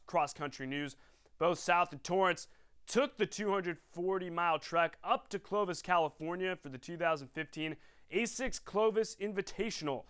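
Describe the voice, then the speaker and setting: A man hosting a local sports news show, reading scripted highlights with playful jokes. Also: sharp tone, clean tone. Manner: playful, sings snippets and does bits. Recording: music bed underneath.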